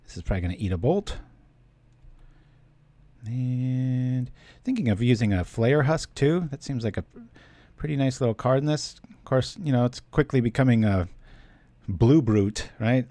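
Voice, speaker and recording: A man's voice: mid-range voice, moderate pace, pauses often, mellow, no room sound. A man giving casual, chatty commentary while he plays a card game on stream, thinking aloud and thanking viewers.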